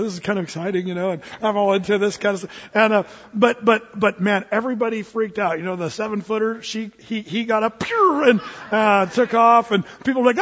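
Husky high-voiced man spinning a story. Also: a bit bright. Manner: rambling, lots of fillers and restarts, acts out quotes. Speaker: speaker telling a personal story. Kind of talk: anecdotal storytelling. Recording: dull, reverberant hall.

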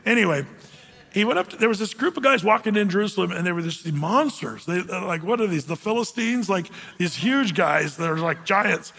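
High-voiced preacher in a reverberant hall. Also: male voice, animated, gravelly, fairly bright tone. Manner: conversational, many fillers, reads scripture slowly. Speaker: pastor. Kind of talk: sermon.

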